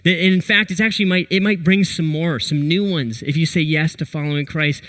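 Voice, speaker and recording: A young adult man preaching a sermon, telling a story with lively, animated retellings of what people said. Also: a little high, brisk, poor audio. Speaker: pastor.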